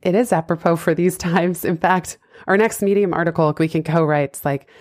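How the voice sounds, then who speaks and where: A woman's voice: lowish voice, fairly even intonation, a little fast, a little mellow, no echo. A woman hosting a podcast in casual chat, bubbly and laughing often. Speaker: podcast host.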